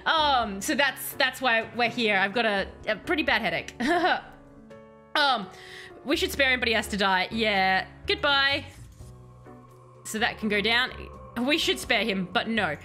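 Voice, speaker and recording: Woman streamer, high bright voice, chatty game commentary, reads on-screen text aloud. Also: lively intonation, a little slow, faint music behind. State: has a headache. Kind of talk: casual game commentary with chat.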